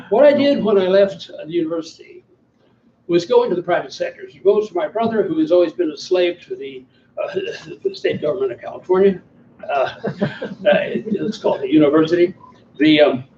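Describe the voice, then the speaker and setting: A man's voice: high-pitched, warm tone, a little hiss or hum. A man in his seventies from the American South, giving an after-dinner talk with slides and wry, self-deprecating humor. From Southern US (Alabama). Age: 70s. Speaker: guest speaker. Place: banquet hall. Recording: distant, echoey hall, muffled sound.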